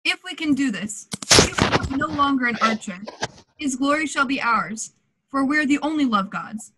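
A genial, scheming prince, played by a teenage girl, stately and fond of matchmaking. The voice is high. It comes over a home video call for a school play. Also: expressive, normal speed, very noisy. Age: late teens. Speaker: student actor.

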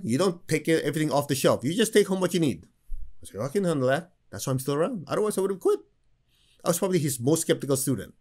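A man teaching a spiritual class, telling stories with humor and acting out the people he quotes. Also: a little high. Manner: animated storyteller who acts out quoted people. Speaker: meditation teacher.

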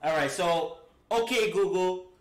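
A young man chatting casually while streaming a game, his voice sitting a little high for a man. He is easygoing and repeats lines to calm his friends. The sound carries a roomy echo. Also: unhurried. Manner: laid-back, repeats himself, tells friends to relax. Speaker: livestream host. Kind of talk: casual gaming stream chat.

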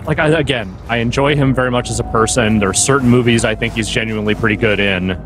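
A man's voice: medium pitch, fast, background noise. A man co-hosting a let's play, giving wry, critical commentary on the game. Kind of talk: casual gameplay commentary. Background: game music.

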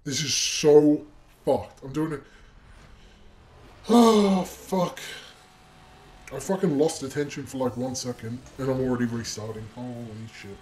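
A man's voice: medium pitch, unhurried, long pauses, darkish tone. A young man commenting on his own gameplay footage, exasperated and swearing constantly as he hurls insults at himself. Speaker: gaming video creator.

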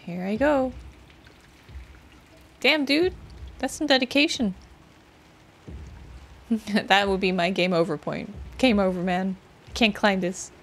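A woman's voice: medium pitch, unhurried, pauses often. A young woman commenting on a game as she plays, swearing freely and cheering herself on. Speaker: gameplay streamer. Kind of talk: let's play commentary. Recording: game music behind voice. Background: game music and rain sounds.

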